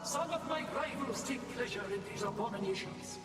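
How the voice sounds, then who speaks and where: A woman's voice: on the high side, expressive, a little fast, natural voice. A woman voicing a commanding female Daedric goddess with a Scottish accent, speaking in solemn, declamatory game dialogue. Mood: stern, commanding. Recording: echoey, distant game audio with loud music.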